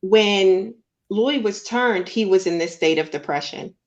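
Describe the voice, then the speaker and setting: A woman's voice: medium pitch, measured pace, muffled recording. A woman co-hosting a casual film review chat, talking in chatty, enthusiastic bursts.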